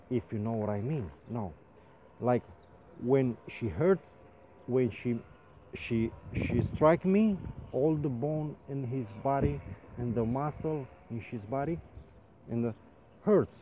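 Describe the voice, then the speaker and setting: Man, halting non-native english, slow animated storytelling, tinny phone-like sound, faint hiss. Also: medium pitch. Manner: animated, comically exaggerated telling. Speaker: rope access painter. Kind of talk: casual storytelling vlog.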